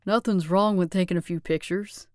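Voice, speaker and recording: Brief: charming teen boyfriend, voiced by a woman, easygoing and smooth. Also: on the low side, steady tone, moderate pace, no echo, studio quality, lightly acted. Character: confident teenage boyfriend, charming.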